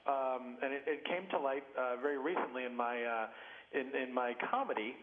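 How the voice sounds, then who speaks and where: A man's voice: mid-range voice, normal speed. A comedian phoning in, rambling and self-mocking, often laughing at his own jokes. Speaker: comedian guest. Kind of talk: phoned-in comedy chat. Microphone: phone. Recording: muffled echoey phone line with noise.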